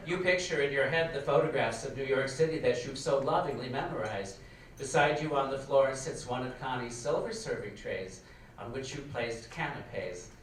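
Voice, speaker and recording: A man reads a nostalgic story aloud at a live stage event, wry and expressive with comic timing. His voice sits mid-range, swallowed in a big hall's reverb and picked up from far off, with a faint hiss underneath. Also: mid-range voice. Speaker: reader, storyteller. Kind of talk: live stage reading of a memoir. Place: large performing arts hall. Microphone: far camera. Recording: echoey hall from far off, faint noise.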